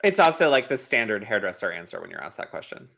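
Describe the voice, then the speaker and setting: A woman's voice: very deep voice, sing-song, fast, fairly bright tone. A woman co-hosting a podcast, casually recapping an episode and explaining salon licensing rules with a knowing tone. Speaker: podcast co-host.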